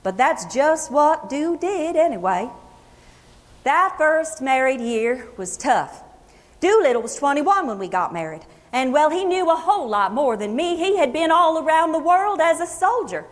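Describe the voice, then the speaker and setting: An expressive female voice, high-pitched and rich with an Appalachian accent, belongs to an actress portraying a homespun Kentucky country singer in a first-person historical monologue. The character is plainspoken and loves a story, and she reminisces in a folksy, chatty, unhurried way. An audience listens in a luncheon hall where the sound echoes with long reverb.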